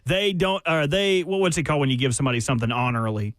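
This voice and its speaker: A man's voice: fairly high pitch, steady tone, rapid-fire, a bit bright, no room sound, studio quality. A man on a sports radio show, chatting loosely and searching for words. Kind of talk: casual sports talk.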